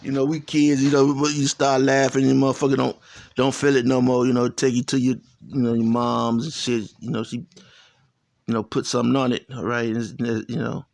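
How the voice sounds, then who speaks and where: Gravelly man telling a rambling story. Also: medium pitch, level tone, a little fast, darkish tone. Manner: rambling, many fillers, profane, laughs while telling. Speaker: channel host. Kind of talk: casual storytelling monologue.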